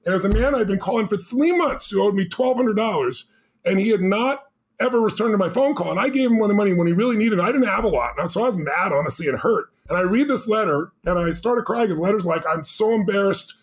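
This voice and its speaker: Fast, high-voiced man telling a story. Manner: animated, emphatic storytelling with voiced quotes. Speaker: guest. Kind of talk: storytelling in a podcast interview.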